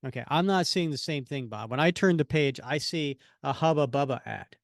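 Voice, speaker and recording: A man's voice: medium pitch, moderate pace, dry recording, clean studio sound. A man co-hosting a comics podcast, reading the comic dialogue aloud with acted emphasis. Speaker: podcast co-host.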